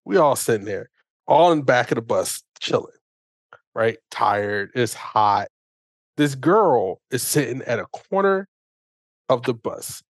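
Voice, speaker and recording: A man's voice: mid-range voice, unhurried, dry recording. A young man telling a funny story casually on a podcast and laughing as he goes. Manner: animated, laughs through the telling. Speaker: podcast host.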